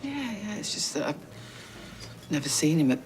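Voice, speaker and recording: A woman's voice: sits low, big pitch swings, normal speed. An actress playing a weary grieving woman, subdued and worn down. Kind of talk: TV soap acting. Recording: noisy background.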